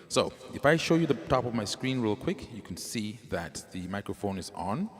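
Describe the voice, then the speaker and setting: A man's voice: fairly low pitch, very animated, normal speed, in a large hall. A man casually talking livestream viewers through a keyboard demo on a wireless handheld mic, checking comments as he goes. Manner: casual, talks viewers through each step. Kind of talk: live product demo with singing. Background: keyboard music.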